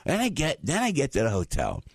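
A man in his sixties with a New Jersey accent, telling stories in an animated monologue as a talk show host. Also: mid-range voice, fairly quick, vocal fry, husky, no room sound. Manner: animated, acts out voices. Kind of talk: storytelling monologue.

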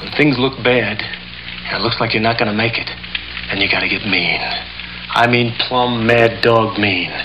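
A man plays a grim, hardened frontier man with a low, gritty voice and a slow, stern drawl. Loud music plays under his words. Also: close to an everyday voice, poor audio.

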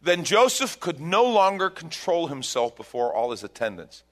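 A man's voice: on the high side, moderate pace. Man preaching a story-driven sermon. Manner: animated storytelling, retelling scripture with emphatic rises. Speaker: pastor.

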